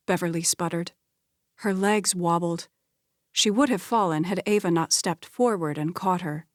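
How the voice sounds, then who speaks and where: A woman narrating a romance audiobook in a steady, scripted storytelling voice. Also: on the low side, unhurried, no room sound, studio quality.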